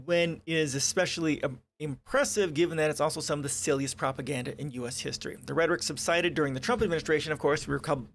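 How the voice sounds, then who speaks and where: Male streamer, higher voice, sarcastic and swearing, faint music underneath. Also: gravelly. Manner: profane, sarcastic, reads articles aloud and rants. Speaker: livestream host. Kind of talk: casual political commentary stream.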